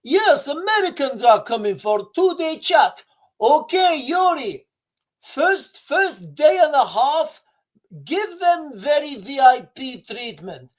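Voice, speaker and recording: A man's voice: very high voice, big pitch swings, slow pace, pitched above the performer's own voice, exaggerated voice. A man putting on a mock Russian accent to play a scheming, boastful Russian leader who barks orders in broken English. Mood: scheming, gleeful. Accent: put-on Russian.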